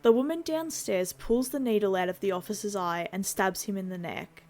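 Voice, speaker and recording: A woman at a middling pitch reads out a horror film recap scene by scene. She keeps the plot moving in a scripted way and slips in dry, wry little asides. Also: moderate pace, darkish tone. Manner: wry asides between plain plot retelling. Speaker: horror channel host.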